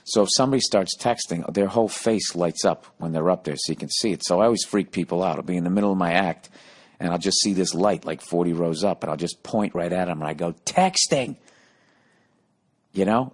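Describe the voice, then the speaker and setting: A man who hosts a podcast and tells stories in a casual, rambling monologue, cursing often. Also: low voice. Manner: profane, animated storytelling. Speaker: comedian and podcast host. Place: on the road while touring.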